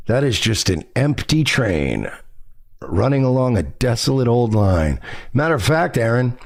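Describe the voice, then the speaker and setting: Gravelly guy hosting a commentary show, sarcastic and swearing, pitch jumps all over. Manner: sarcastic, mocking, profane. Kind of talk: reaction commentary.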